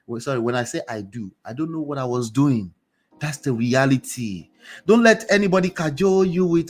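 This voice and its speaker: A man hosting a motivational commentary show, speaking straight to his viewers in a preachy, animated way. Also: medium pitch, moderate pace, soft background music. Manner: preachy, animated, talks to the audience directly. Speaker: host.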